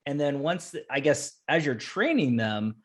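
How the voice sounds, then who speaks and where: A man's voice: fairly high pitch, expressive, moderate pace. A man hosting a webinar interview, enthusiastic and full of praise, using fillers like "you know". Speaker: webinar host.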